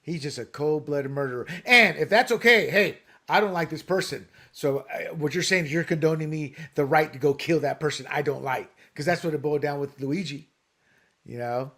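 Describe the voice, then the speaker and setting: A man's voice: a little high, brisk. A man co-hosting a political talk show, opinionated and mocking, often laughing at his own jokes. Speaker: podcast co-host.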